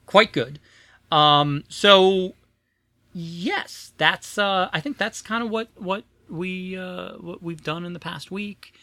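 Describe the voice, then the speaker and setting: A man hosts a casual podcast, chatty and self-deprecating, stumbling through fillers. His voice sits high and rings very bright. The sound is close and dry. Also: slow pace, no echo. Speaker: podcast host.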